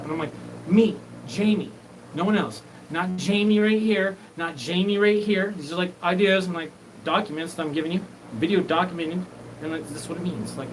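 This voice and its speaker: A man hosting his own show, talking in a rambling, disjointed, profane live monologue. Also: fairly high pitch. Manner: disjointed, profane, jumps between topics. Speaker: show host. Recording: noisy background.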